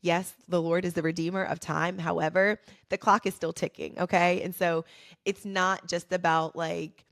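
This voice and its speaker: A woman's voice: lowish voice, level tone, normal speed, creaky, a bit bright. A woman hosting a faith-based podcast, speaking earnestly and encouragingly and repeating key phrases for emphasis. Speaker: podcast host.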